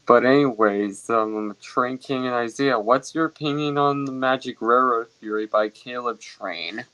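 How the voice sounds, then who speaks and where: A young man chatting slowly on a casual voice-chat stream. He mostly answers with short agreeing replies and repeats what the host just said, at an ordinary middle pitch. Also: pushed and bright, poor audio. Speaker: stream guest.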